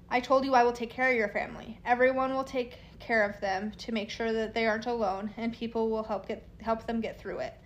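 A woman's voice: on the high side, a little hiss or hum. A woman telling a true crime story by reading text messages aloud, in a plain, matter-of-fact way with casual asides.

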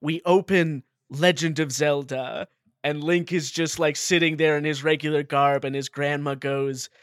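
A man's voice: on the high side, fairly even intonation, measured pace, no echo, studio quality. A man co-hosting a podcast who laughs easily and chimes in with jokes during casual chat. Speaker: podcast co-host.

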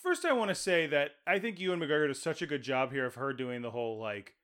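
A man with a voice a little higher than most men's co-hosts a relaxed film podcast. He rambles in a friendly, informal way, full of "like" and side remarks as he recaps scenes. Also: fast talker, clean tone. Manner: loose, chatty commentary with many fillers and asides. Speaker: podcast co-host. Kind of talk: casual movie recap chat.

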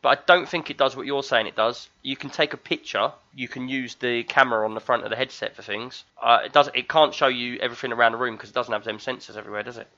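Show regular, man in his thirties, bright forceful voice, lively storyteller, dull lo-fi recording. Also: medium pitch, fast talker, hardly any pauses. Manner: animated storyteller, acts out screams. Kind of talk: casual chat.

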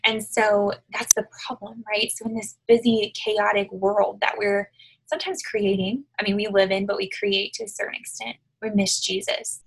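Brief: woman, husky-breathy, mid-pitched, chatty devotional talk on a home video call. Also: normal speed, low-quality recording. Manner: conversational, frequent fillers and tag questions. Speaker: devotional speaker. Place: her living room at home.

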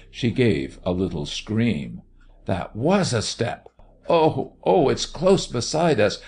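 A man narrating a story in a measured, expressive reading voice. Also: fairly low pitch, vocal fry, a little hiss or hum. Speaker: audiobook narrator.

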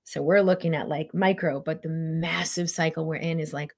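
A woman's voice: sits low, fairly even intonation, normal speed, gravelly, few pauses. A middle-aged woman, a spiritual coach, talking casually and animatedly, full of fillers and acted-out quotes. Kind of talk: casual motivational talk.

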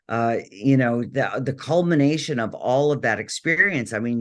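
A man's voice: mid-range voice, fairly bright tone. Rambling middle-aged man telling stories. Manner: rambling, many fillers and restarts. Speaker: guest. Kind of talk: casual interview storytelling.

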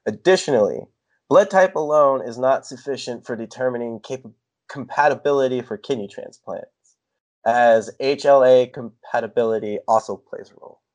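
A man's voice: medium pitch, moderate pace, darkish tone. A man co-hosting a podcast, reading trivia in a plain, matter-of-fact way. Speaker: podcast co-host. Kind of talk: reading trivia, casual chat.

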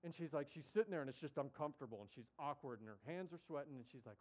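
A man preaching in a loose, conversational storytelling style. His voice sits somewhat high, and he keeps breaking into the quoted voices of the people he describes. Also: expressive, racing, hardly any pauses. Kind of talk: sermon storytelling.

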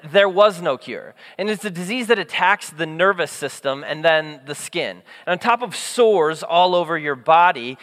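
A young man preaches a sermon with a high-pitched, bright, ringing voice. He tells the story in an animated way and slips into the voices of its characters. The sound carries a long hall reverb. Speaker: pastor.

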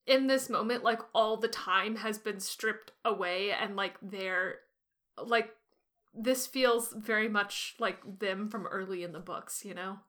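A woman's voice: medium pitch, steady tone, a little slow, fairly bright tone. A young adult woman co-hosting a podcast, musing enthusiastically about a novel with stumbles and restarts. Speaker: podcast co-host. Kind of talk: casual book discussion.

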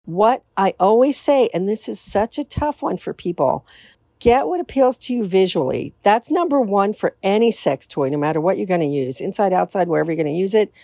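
A woman's voice: mid-range voice, animated, brisk, hardly any pauses, mellow, no room sound, studio quality. A woman hosting a casual solo podcast, talking in a candid, self-assured way. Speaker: podcast host.

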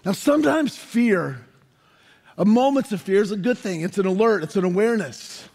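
A man in his forties preaching a sermon, telling stories with animated energy and rising to shouts for emphasis. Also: sits high, moderate pace. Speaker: pastor.

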